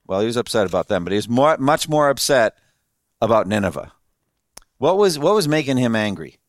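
In a room with an audience, a man preaches a sermon conversationally, laughing often and asking his listeners questions. His mid-range voice swings widely in pitch and moves a little fast. The recording is dry, with clean studio sound.

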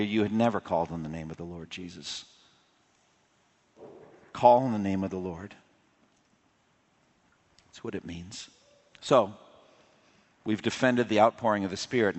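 Impassioned preacher in a reverberant hall. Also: male voice. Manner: impassioned preaching, swelling louder on key points and dropping low for appeals. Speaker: pastor. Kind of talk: sermon.

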